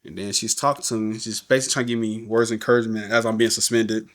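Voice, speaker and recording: A man's voice: lowish voice, racing. A middle-aged man, a podcast guest, telling a story in casual talk and acting out the voices of the people he quotes. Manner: animated, acts out quoted voices.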